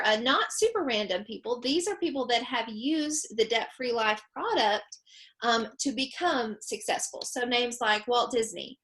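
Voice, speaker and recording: A woman's voice: fairly high pitch, a bit bright. A woman co-hosting a webinar from home over a video call, upbeat and chatty, with frequent ums and laughs. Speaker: webinar co-host. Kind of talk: casual presentation.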